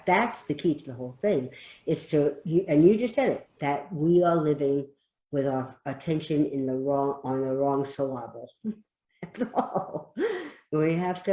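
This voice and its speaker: A woman's voice: sits low, dark tone, echoey room. A woman speaking as a guest expert in a podcast conversation, stressing points by repeating key phrases.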